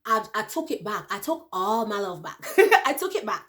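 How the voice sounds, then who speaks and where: A woman in her thirties talking casually to her viewers, animated, laughing often and checking in with "you know" and "right". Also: medium pitch, normal speed. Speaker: vlogger. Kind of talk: casual chat to camera.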